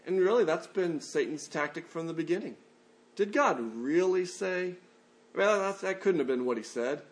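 A man's voice: a little high, a little fast. A male pastor preaching a conversational sermon and acting out the people in his stories.

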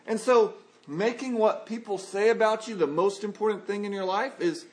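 A man preaching a sermon as pastor, earnest and conversational, working through points with lively everyday examples. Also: high-pitched, normal speed.

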